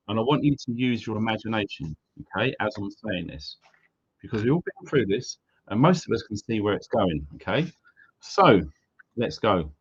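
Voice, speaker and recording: A man hosting a casual live stream, upbeat and greeting viewers one by one. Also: mid-range voice. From Wales. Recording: slightly dull lo-fi sound.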